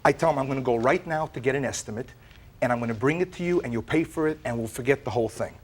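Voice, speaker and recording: A man telling his side of a dispute in a courtroom, in an animated way that often stumbles and repeats words. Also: mid-range voice, very fast, slightly rough. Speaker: plaintiff in a TV courtroom.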